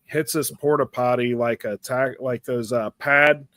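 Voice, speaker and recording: A man's voice: mid-range voice, measured pace, no echo. Podcast co-host, male, rambling crude storyteller, dry close sound. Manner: rambling, animated anecdote with crude language. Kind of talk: casual storytelling chat.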